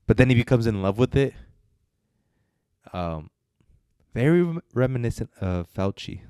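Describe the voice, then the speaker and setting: A man's voice: mid-range voice, sing-song, moderate pace, warm tone, smooth, dry recording, clean studio sound. A man co-hosting a casual film review chat, rambling and hesitant with many fillers and restarts. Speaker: podcast co-host reviewing films.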